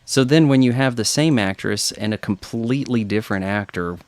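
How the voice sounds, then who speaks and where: A man's voice: mid-range voice, fairly quick, dry recording. A man chatting casually through a film commentary, opinionated and thinking aloud with fillers. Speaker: commentary host.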